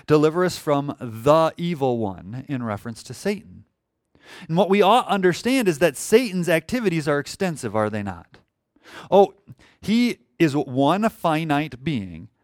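A man preaching a sermon as a pastor, moving between quiet, hushed passages and loud, emphatic calls. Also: a little high, no echo, studio quality. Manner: emphatic, swings from hushed to shouting.

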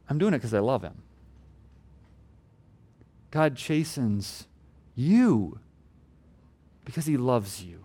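Lively, earnest preaching man. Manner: earnest preaching, rising to emphatic peaks then dropping low. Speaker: pastor. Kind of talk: sermon.

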